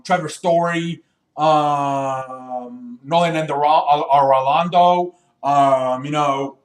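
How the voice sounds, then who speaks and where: Young male sports vlogger, rambling and halting, slightly high voice, echoey room sound. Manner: rambling, many ums and restarts, swears casually. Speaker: sports video host. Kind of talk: casual solo sports talk.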